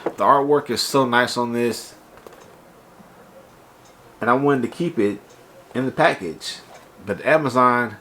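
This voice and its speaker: A man's voice: medium pitch, measured pace, long pauses, slight background noise. Congested, nasal man chatting casually. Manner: animated, exasperated storytelling with laughs. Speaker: toy collector vlogger. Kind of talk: casual unboxing vlog.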